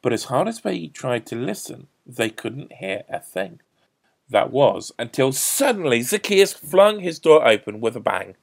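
A man's voice: medium pitch, vocal fry, breathy edge. A man telling a Bible story to children at a school assembly, theatrical with repeated refrains. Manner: animated, repetitive refrains, theatrical pauses.

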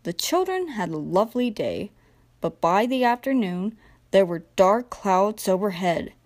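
A young woman narrating a children's train storybook in a gentle, expressive read-aloud manner. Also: medium pitch, unhurried. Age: young adult. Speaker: storybook reader.

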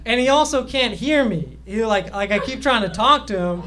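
A man's voice: sits high, expressive, normal speed, bright, forceful tone. A young man doing a rambling, self-deprecating stand-up set on a comedy club stage, with plenty of fillers and restarts.

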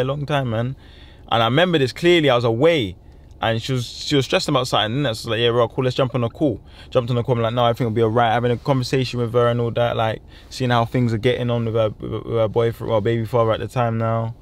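A young man, telling a story to camera in a casual vlog, full of slang and fillers. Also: mid-range voice. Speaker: vlogger.

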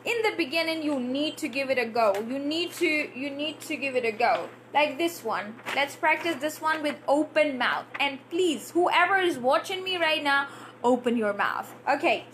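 A woman's voice: high voice, animated, normal speed, a bit bright, a little hiss or hum. A woman English trainer and IELTS coach giving a live-streamed Q&A lesson, drilling tongue twisters aloud and answering viewer comments.

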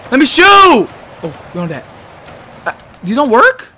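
A man doing excitable, slangy gameplay commentary, muttering one moment and yelling the next. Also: very high-pitched, a little slow, a little hiss or hum. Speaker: gaming YouTuber. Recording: gunfire from the game behind.

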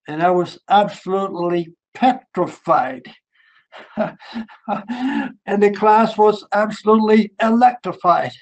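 A man's voice: sits high, measured pace, poor audio. An older man with a German accent, giving a fervent sermon testimony about his childhood. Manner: rising to fervent, emphatic preaching. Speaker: preacher.

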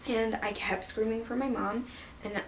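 A woman vlogger tells a personal story in a loose, rambling way, full of fillers and restarts. Her voice stays level and mid-pitched with little rise or fall. She sits a little back from the mic, with a faint hiss in the background. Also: steady tone, normal speed, distant mic, poor audio. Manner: rambling, filler-heavy retelling. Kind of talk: casual storytelling.

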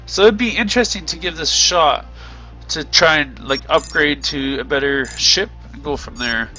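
A man's voice: a little high, moderate pace, pushed and bright, faint music behind. A tired man giving casual commentary while exploring a game, thinking aloud with many ums and hedges. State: yawning, tired. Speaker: gameplay video creator.

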